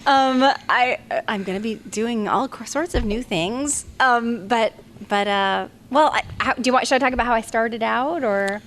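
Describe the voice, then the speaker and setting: A woman's voice: on the high side, normal speed, fairly bright tone, a little hiss or hum. Chatty, laughing woman in her forties. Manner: rambling, chatty, laughs often. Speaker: panel guest voice actress. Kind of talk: casual storytelling at a fan convention panel. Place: convention panel room. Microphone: handheld microphone.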